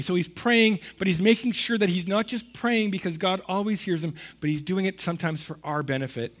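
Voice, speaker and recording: This male pastor has a high-pitched voice and talks a little fast, barely pausing at all. His sermon is conversational yet emphatic, with repeated words for emphasis, scripture read aloud, and loud stresses.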